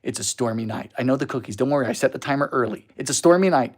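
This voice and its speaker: A man's voice: medium pitch, fast, few pauses. A man hosting a baking livestream in a home kitchen, chatting casually in a goofy, giggly way while reading out viewer comments.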